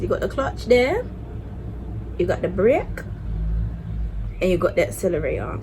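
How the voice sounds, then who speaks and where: A young woman telling a storytime vlog, chatty and animated, often checking in with "yeah?". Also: medium pitch, background noise. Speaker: vlogger.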